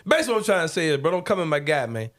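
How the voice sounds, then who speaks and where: A man from Memphis with a Memphis Southern accent, hosting a casual podcast chat in an animated, joking, slangy way. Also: on the high side, racing. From Memphis, Tennessee. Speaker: host.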